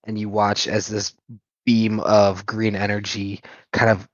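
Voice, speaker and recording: A man with a lowish voice narrates a tabletop session as game master, unhurried and pausing now and then. The sound is dry and dull, like a lo-fi recording. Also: flat delivery, no echo. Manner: descriptive, unhurried narration with hesitations.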